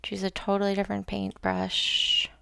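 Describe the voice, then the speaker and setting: A woman's voice: medium pitch, monotone, moderate pace, vocal fry, sharp tone, clear, resonant tone, no echo, studio quality. A young woman chatting casually to herself and her viewers while painting on a livestream, rambling and swearing, often dropping into a whisper. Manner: rambling, self-talk, swears, drops to whispers. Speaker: streamer painting live.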